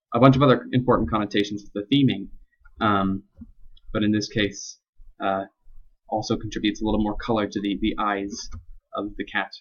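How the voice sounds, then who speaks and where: A young man presenting a spoken analysis of a poem, halting and full of ums and restarts. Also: lowish voice. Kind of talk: unscripted spoken explication. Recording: dull lo-fi recording.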